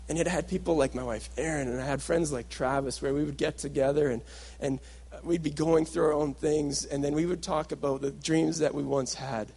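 A man's voice: on the high side, fairly even intonation, fairly quick, gravelly, a little mellow, breathy edge. A young adult man giving a sermon-style workshop talk, telling a personal story and acting out what he and others once said. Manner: storytelling, acts out his past self and others in quotes. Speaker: workshop speaker.

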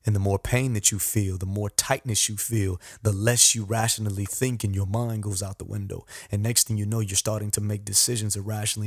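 Man, podcast host, motivational storytelling, gravelly, husky, animated, self-deprecating. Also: fairly low pitch, no echo, studio quality.

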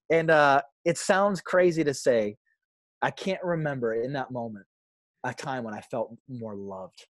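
A male pastor telling stories in a casual interview, acting out quotes with lively energy and frequent laughs. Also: mid-range voice, a little slow, no echo. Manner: animated storyteller, acts out quotes, laughs often. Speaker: pastor and author, podcast guest.

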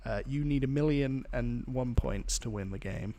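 A man's voice: medium pitch, moderate pace, mellow. A British man co-hosting a casual podcast, dry and teasing as he runs a little quiz. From United Kingdom. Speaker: podcast co-host. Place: home setup on a laptop. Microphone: laptop or remote podcast setup.

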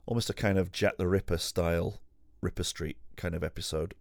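At home, a podcast host with a deep, low, creaky voice delivers a long, casual storytelling monologue, rambling, swearing freely, laughing, restarting often, and poking fun at himself. His tone is steady and his pace brisk. The recording is dry and close, with no echo or room sound.

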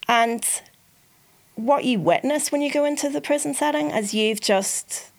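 A woman who volunteers as a Samaritan, hosting a discussion and framing the topic in a measured, articulate way. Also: high voice. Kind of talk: hosted discussion between practitioners.

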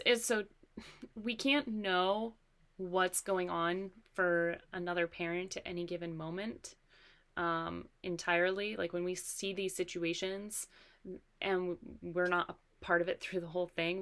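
A woman co-hosting a parenting podcast shares stories in an earnest, reflective way during casual conversation. Her lowish, creaky voice has a fairly bright tone.

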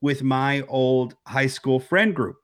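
A man's voice: medium pitch, takes it slowly, fairly bright tone, no room sound. Rambling male podcast co-host, dry sound. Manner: rambling, restarts his thoughts often. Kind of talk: casual chat. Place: home, remote recording.

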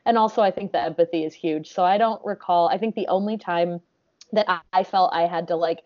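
Chatty woman guest, lowish voice. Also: brisk, dry recording, highs cut off. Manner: chatty, laughs often, many "like"s. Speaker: podcast guest. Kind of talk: casual podcast interview.

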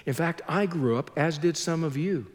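A man preaching a sermon as pastor, slow and earnest, with heavy pauses between phrases. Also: on the high side, in a large hall.

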